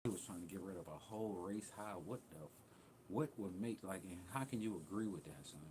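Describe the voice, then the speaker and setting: Blunt, profane man with a low voice. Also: expressive, a little fast, a little mellow, a little hiss or hum. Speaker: livestream host. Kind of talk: casual livestream rant.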